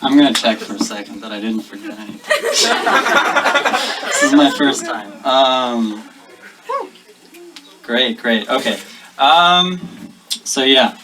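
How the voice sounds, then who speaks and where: A young man doing a deadpan stand-up set, pausing often with ums. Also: mid-range voice, far from the mic, a crowd in the background. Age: young adult. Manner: deadpan, halting with many ums. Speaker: stand-up comedian. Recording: noisy live recording.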